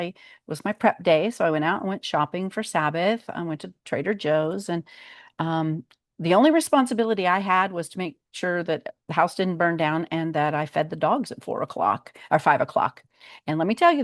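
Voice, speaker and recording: Low-voiced older woman, chatty vlog update. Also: dry recording, clean studio sound. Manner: chatty and meandering, with frequent ums. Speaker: vlog host. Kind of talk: casual personal update.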